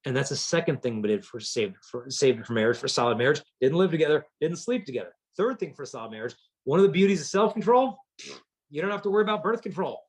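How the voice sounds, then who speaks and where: A man's voice: a little high, quick pace. A man giving a storytelling talk to teenagers, punchy and humorous, acting out the people in his stories. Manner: lively storyteller acting out quotes; punchy, humorous delivery to teens. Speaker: chastity speaker.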